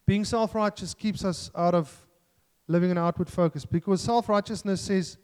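A man's voice: high-pitched, moderate pace, a little mellow, clean tone, in a large hall. A man preaching a sermon in an earnest, self-deprecating way, joking and restarting as he talks.

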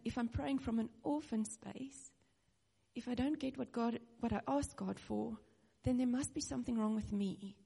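A woman's voice: a little high, normal speed, creaky, mellow, breathy edge. A woman in her thirties preaching a personal sermon, earnest and near tears, with nervous little laughs. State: close to tears. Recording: reverberant hall.

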